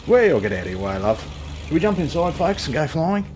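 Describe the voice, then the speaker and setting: A man's voice: on the high side, big pitch swings, a little fast, darkish tone, slight background noise. An Australian man hosting a flight simulator channel, chatting casually and joking through his gameplay commentary. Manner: chatty, joking, self-deprecating. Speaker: flight sim channel host.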